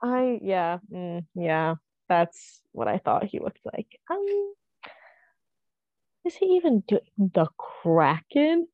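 A woman's voice: mid-range voice, sing-song, takes it slowly, no room sound, phone-quality sound. A woman co-hosting a casual chat, easygoing and agreeable, laughing often.

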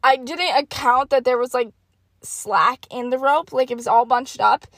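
A young woman hosting her own podcast, telling funny stories in a casual, animated, self-mocking way and swearing freely. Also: high-pitched, normal speed, no echo. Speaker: podcast host. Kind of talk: casual storytelling monologue.

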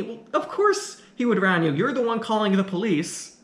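A man's voice: high voice, expressive, quick pace, few pauses, fairly bright tone. A man casually recapping and commenting on an old film, talking in a loose, rambling way with frequent restarts. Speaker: film reviewer. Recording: echoey room.

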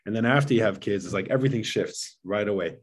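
A middle-aged man with a very low voice speaks earnestly in a relaxed podcast chat. He often restarts and repeats himself as he searches for words. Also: quick pace, breathy edge. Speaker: guest, father of seven. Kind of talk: casual podcast conversation.

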